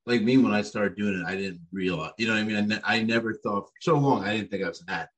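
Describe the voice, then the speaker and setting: Host, male, low voice, brisk delivery, casual interviewer. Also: fairly bright tone, husky, poor audio. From Central New Jersey, US.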